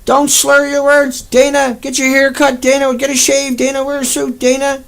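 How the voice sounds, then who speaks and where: Guy doing a high bossy nagging voice, loud, barking orders, gravelly edge. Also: monotone, normal speed. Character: shrill nagging scold barking orders at him.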